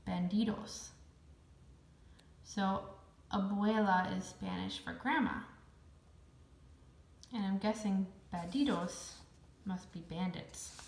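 A woman teacher reads a children's book aloud, chatting with the children and asking them questions along the way. Her voice sits in the middle of the usual range. The room adds a clear echo. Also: medium pitch, darkish tone, a little hiss or hum. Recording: roomy echo.

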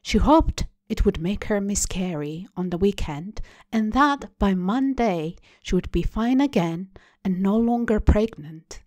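A woman reads a literary short story aloud in a slow, measured way. The sound is dry and close, with no room around her voice. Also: medium pitch, lively intonation, darkish tone, no echo. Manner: measured, deliberate reading. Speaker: story reader. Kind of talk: literary reading.

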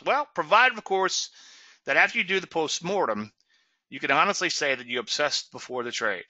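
A man's voice: a little high, very animated, normal speed, bright, forceful tone, no room sound, highs cut off. A man hosting a trading webinar, teaching in an emphatic, folksy way and often asking "okay?" and "so what?". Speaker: trading show host.

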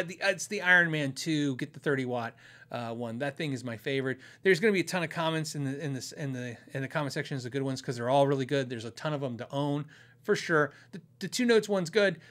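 A man's voice: a little high, a bit bright. A man hosting a podcast, telling stories in a rambling, casual way and chuckling often. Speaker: podcast host.

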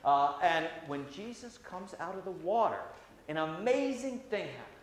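A man, a priest, giving a gentle, conversational children's sermon with many "uh" fillers in a church sanctuary. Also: high voice, very animated, normal speed. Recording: very echoey church hall, faint hiss.

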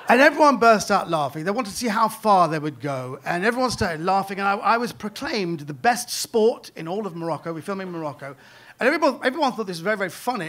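A British man, a comedian, telling a true story on stage in an animated, self-deprecating way. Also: sits high, a little hiss or hum. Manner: animated, self-deprecating, laughing through lines. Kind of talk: live comic storytelling. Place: on stage at a live storytelling event.

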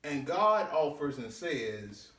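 A man, a deacon, preaching a sermon with drawn-out scripture readings and swooping pitch. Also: sing-song, fairly bright tone. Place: church sanctuary. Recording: echoey church room, mic at a distance.

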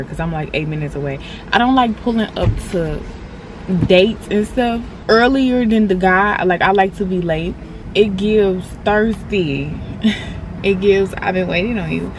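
A woman in her twenties chatting casually to her phone camera from a car, blunt, profane and playfully trash-talking. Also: medium pitch. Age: 20s. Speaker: vlogger. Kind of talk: casual vlog chat. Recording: clear car and road noise.

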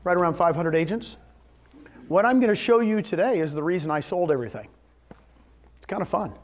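A man's voice: sits high, animated, brisk. A man in his fifties giving a presentation to a live audience, telling a personal story and asking the room questions. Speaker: real estate presenter. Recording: dull lo-fi recording.

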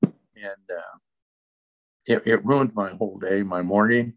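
Low-voiced man telling his story. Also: steady tone, takes it slowly, rough recording. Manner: earnest, detailed step-by-step storytelling. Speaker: guest sharing a recovery testimony. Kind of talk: personal storytelling interview.

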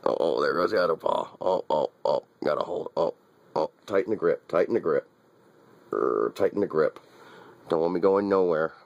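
Man, deep voice, gravelly, casual commentary, wry and teasing, repeats himself. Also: normal speed, darkish tone, no room sound, muffled recording. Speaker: dog owner filming his pet. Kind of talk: casual running commentary to camera.

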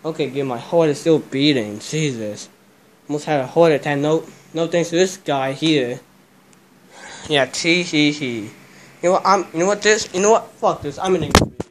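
A man's voice: a little high, fairly quick, a little hiss or hum. A young man vlogging, agitated and cursing after a scare, repeating himself a lot. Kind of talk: casual vlog chat.

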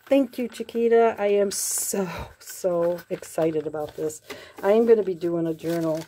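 A woman crafting vlogger chatting casually as she opens happy mail, gushing with soft excited exclamations. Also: mid-range voice, a little hiss or hum. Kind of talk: casual unboxing chat.

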